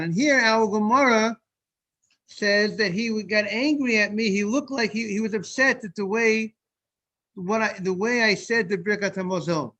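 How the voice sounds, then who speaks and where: This rabbi's voice sits high, bright and forceful as he leads a Talmud study session. He works through the material step by step, frequently restarting and repeating phrases, and stops to welcome newcomers as they arrive.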